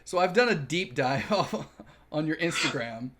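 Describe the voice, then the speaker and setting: A man hosting a casual interview podcast, enthusiastic and quick to laugh. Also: a little high, animated, a bit bright. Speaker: podcast host.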